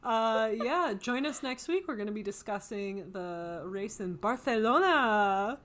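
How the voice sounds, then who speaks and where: Jokey woman podcast co-host, higher voice. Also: lively intonation, a little slow, fairly bright tone. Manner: laid-back, jokey, easy laughter. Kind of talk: casual chat.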